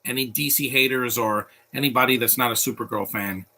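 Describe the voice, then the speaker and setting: Man doing loose live commentary over a cartoon: gravelly tone, offhand jokes, rambling asides. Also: medium pitch, steady tone, fairly quick, bright, forceful tone. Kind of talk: live watch-along commentary.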